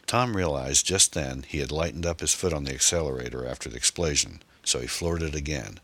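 Very deep-voiced male audiobook narrator. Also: brisk, hardly any pauses, sharp tone, dry recording.

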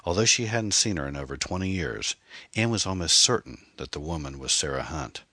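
Deep, husky male audiobook narrator. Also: lively intonation, fairly quick, sharp tone, dry recording, studio quality.

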